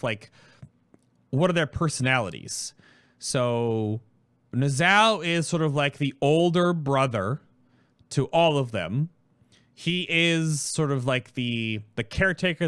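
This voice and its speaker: A man hosting his stream, talking casually and quickly about a project, rambling through explanations. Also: medium pitch, fairly bright tone, smooth, no echo, clean studio sound. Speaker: host.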